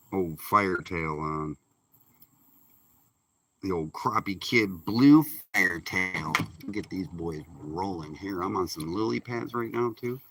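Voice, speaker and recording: A Michigan man with a low, slightly bright and somewhat rough voice chats in a laid-back, folksy way while kayak fishing on a creek during a live stream. A distant outdoor mic picks him up with faint noise.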